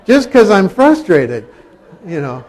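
A man's voice: high voice, sing-song, slow pace, darkish tone. A middle-aged man preaching a sermon, talking in a conversational way with humorous asides. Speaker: pastor.

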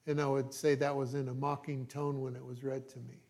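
A man preaching, reading scripture aloud with emphasis and breaking off into quiet, conversational asides. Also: medium pitch, fairly even intonation, a little fast, hardly any pauses.

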